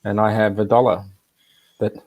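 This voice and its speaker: A man's voice: fairly low pitch, level tone, normal speed, dull audio. A man casually telling a personal anecdote on a live video chat, rambling with asides. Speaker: regular guest.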